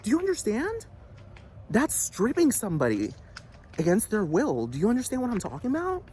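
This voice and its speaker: Man, ranting, agitated, profane, repetitive, slightly high voice, faint background noise. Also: huge pitch swings, a little fast, warm tone. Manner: agitated, repetitive, profane, keeps asking "do you understand". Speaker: vlogger. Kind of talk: heated rant to camera.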